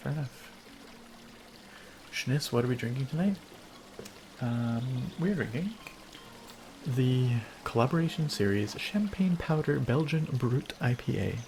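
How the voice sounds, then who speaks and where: A man's voice: mid-range voice, lively intonation, a little slow, a little mellow, slight background noise. A man casually chatting and laughing as he streams a game, rambling between thoughts. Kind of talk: casual gameplay commentary.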